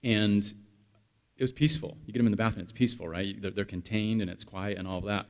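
A man's voice: on the low side, steady tone, a little fast. A man in his thirties, a pastor, giving a conversational sermon and telling a story while chatting with the congregation.

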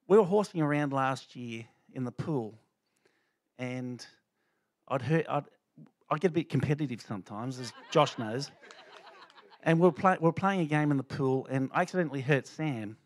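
A middle-aged man offers his testimony at church as a lay speaker, speaking loosely and conversationally with frequent fillers and false starts. His pitch sits in a normal male range, and the recording has no room echo.

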